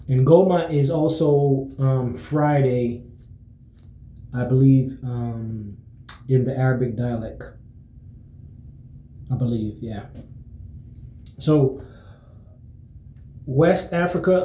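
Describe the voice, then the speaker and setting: A man talking casually to his viewers in a relaxed, rambling way, full of fillers and restarts. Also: medium pitch, slow, long pauses, echoey room, poor audio. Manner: relaxed, friendly greetings. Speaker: vlogger. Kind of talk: casual chat to camera.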